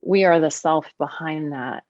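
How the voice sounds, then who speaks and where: A woman speaking as a podcast guest and teacher, animated and expressive, her voice swinging widely in pitch as she explains her ideas. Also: measured pace, no echo, highs cut off. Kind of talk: conversational podcast interview.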